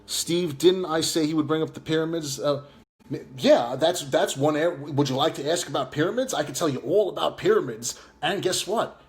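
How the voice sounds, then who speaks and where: A man's voice: fairly high pitch, normal speed. A man with a New York accent from Long Island, ranting in casual live chat, taunting and mocking a viewer with lots of fillers. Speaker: live stream host.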